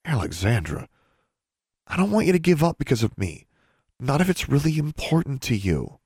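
A man's voice: medium pitch, sing-song, normal speed, a little mellow, husky, no room sound, clean studio sound, voice pushed up. A man voicing a proud, protective teenage boy who sounds weary and earnest in a storybook reading.

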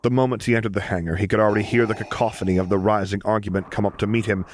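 A man reading fan fiction aloud as an audiobook, narrating in a steady, measured way. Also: fairly low pitch, a little hiss or hum. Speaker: reader.

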